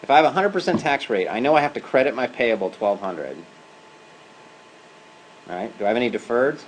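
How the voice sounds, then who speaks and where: A male adjunct professor lectures a university class in a classroom, at a mid-range pitch for a man. His delivery is loose and conversational, and he keeps checking in with the students. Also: lively intonation, brisk, slight background noise, low-quality recording.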